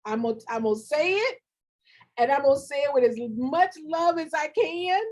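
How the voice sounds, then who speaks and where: A woman's voice: high-pitched, expressive, normal speed, a little mellow. A middle-aged woman who coaches nonprofits, talking live to her audience in a direct, preachy way, repeating lines for emphasis and saying y'all and ain't. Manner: colloquial, says y'all and ain't. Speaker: nonprofit grant consultant. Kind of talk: live-streamed motivational talk.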